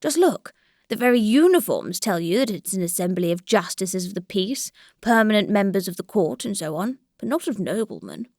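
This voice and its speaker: A woman reading the lines of an old grey-whiskered country landowner, speaking in a measured, reflective and mildly complaining way, in a dry recording. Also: mid-range voice, expressive, a little mellow, no echo.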